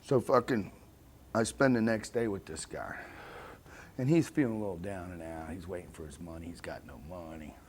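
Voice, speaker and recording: A man with a fairly low voice tells a rough story from his past, cursing freely as he goes. He speaks bluntly and acts out the other characters' lines, sometimes dropping to a low murmur for asides. A faint hiss sits under the recording. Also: moderate pace. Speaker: interviewee recounting his past. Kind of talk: profane storytelling anecdote.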